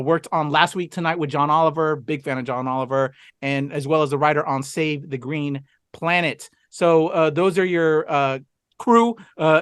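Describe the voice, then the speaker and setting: A man's voice: fairly high pitch, fairly bright tone, no echo, clean studio sound. A man co-hosting a casual film review, talking enthusiastically with lots of fillers and asides. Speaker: podcast co-host.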